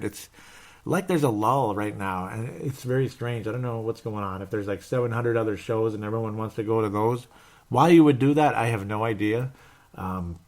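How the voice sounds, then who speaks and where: A man hosting a live sports podcast, talking casually and at length, repeating himself and tagging lines with "okay?". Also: medium pitch. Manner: talkative, repeats himself, frequent "okay?" asides. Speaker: podcast host.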